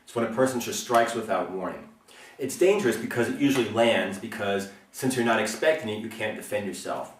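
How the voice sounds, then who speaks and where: A man explaining self-defense as an instructor, speaking earnestly and often checking in with a quick "okay?". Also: lowish voice, distant mic, slight background noise. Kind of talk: instructional talk. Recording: roomy, mic set back from speaker.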